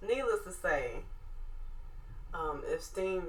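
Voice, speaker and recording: A woman from Alabama with a Southern accent, co-hosting a casual podcast chat, sassy and animated, laughing often. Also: lowish voice, takes it slowly. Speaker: podcast co-host. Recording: echoey room.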